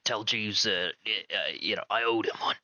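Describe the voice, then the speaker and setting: A man's voice: fairly low pitch, moderate pace, pushed and bright, no echo, lo-fi sound. A man voicing a shady male junk merchant who talks in a slick, half-whispered way. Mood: dismissive.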